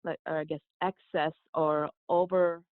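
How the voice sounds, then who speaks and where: A woman who grew up in South Korea, a yoga teacher and guest, telling a personal story in a soft, reflective way with frequent restarts. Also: sits low, little pitch movement, brisk, no room sound. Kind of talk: conversational storytelling. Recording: dry, phone-like remote line.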